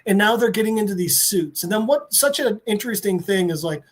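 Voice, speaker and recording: A man on a podcast, recapping a comic book story with excitement and swearing, briefly voicing the characters. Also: high-pitched, a little fast. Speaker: podcast co-host.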